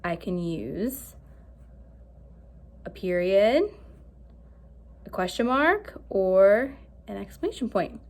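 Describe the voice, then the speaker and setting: A woman teaching an early-grade reading lesson, speaking slowly and clearly with lively questions for the children. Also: medium pitch. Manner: animated, slow and clear, asks pupils questions.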